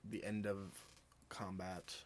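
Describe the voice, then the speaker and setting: A man's voice: deep voice, slow pace, slight background noise. Laid-back man running a game. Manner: relaxed, laughs often, fillers. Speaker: dungeon master.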